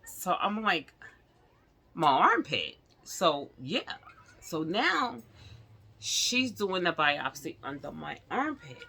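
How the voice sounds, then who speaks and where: Woman vlogger, casual storytelling to camera; lively, bright-toned delivery. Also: fairly low pitch, slow, vocal fry, slightly rough. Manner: animated, chatty, laughs often, addresses viewers directly.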